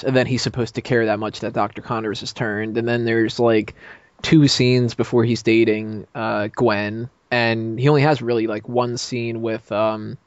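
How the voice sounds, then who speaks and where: A man on a roundtable podcast chats loosely, laughing a lot and leaning on fillers as he rambles. He has a mid-range voice, and the dull lo-fi mic gives a dry sound with no room sound.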